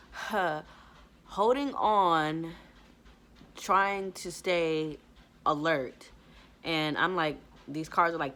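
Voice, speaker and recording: A woman's voice: low voice, fairly bright tone. A woman podcaster telling a personal story to camera in casual chat. She rambles with many "like" fillers and acts out what she said back then. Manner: rambling retelling, full of "like" fillers; acts out her own past words.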